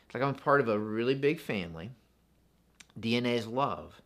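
A man's voice: medium pitch, animated, moderate pace, a bit bright. A man preaching a sermon in a church, earnest and repetitive, often asking the congregation questions. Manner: earnest, asks the congregation questions, repeats phrases. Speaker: pastor.

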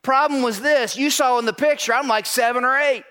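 A man telling a personal story to an audience, animated and acting out the voices of the people in it, often checking in with "right?". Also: extremely high pitch, a little fast, clear, resonant tone.

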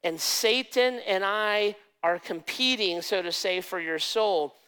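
An urgent, pleading Jesus, as a preaching man puts him on speaks from within a sermon. The voice rises a little higher than the preacher's own and stays earnest and insistent. Its tone remains smooth and clear throughout. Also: slow pace, sharp tone, in a large hall, exaggerated voice.

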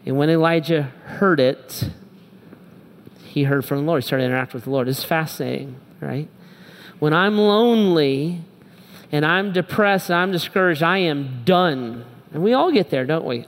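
A middle-aged pastor with a fairly high voice preaches at a moderate pace, telling stories animatedly and acting out the voices of people he quotes. The long reverb of a large hall surrounds him.

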